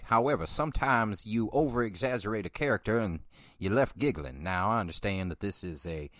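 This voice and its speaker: A man's voice: on the low side, fairly bright tone, no echo, clean studio sound. A man hosting a film podcast, chatting casually in a rambling, profane way and often correcting himself. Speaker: podcast host. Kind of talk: casual film review chat.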